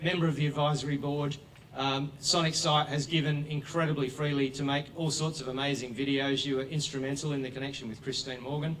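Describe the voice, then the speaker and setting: A man with an Australian accent giving a grateful speech at a live event as a charity co-founder, trailing off softly with fillers. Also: mid-range voice, flat delivery, fairly quick, slight background noise. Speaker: charity co-founder thanking supporters. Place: event hall with an audience. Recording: distant mic in a crowded hall.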